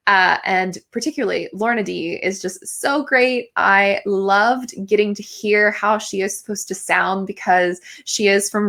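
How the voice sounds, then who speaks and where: A woman's voice: mid-range voice, creaky, fairly bright tone. A young adult woman hosting a podcast, chatting casually and enthusiastically in a review, with lots of filler words. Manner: gushing, enthusiastic, many fillers. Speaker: podcast host.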